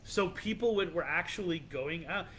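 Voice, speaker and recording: A man's voice: on the high side, expressive, normal speed, a crowd in the background. A man hosting a podcast, casually telling a creepy legend in a loose, rambling way with many restarts. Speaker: podcast host.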